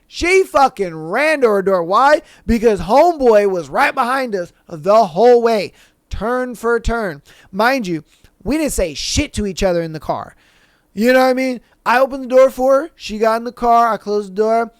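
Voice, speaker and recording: A man's voice: very high-pitched, animated, moderate pace, no echo. A male podcast host telling a long, rambling anecdote in casual, profane speech, acting out the other people in it. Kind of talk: casual storytelling.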